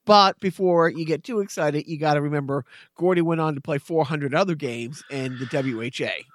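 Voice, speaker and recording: A man's voice: on the high side, normal speed, dry recording, clean studio sound. A middle-aged man co-hosting a podcast, talking casually and explaining things at length with small stammers. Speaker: podcast co-host. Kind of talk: casual chat.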